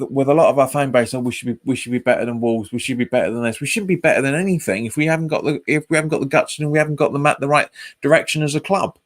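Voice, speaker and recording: A man hosts a live football watch-along. He chats casually, repeats his phrases and reads viewer comments aloud. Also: mid-range voice. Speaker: fan channel host.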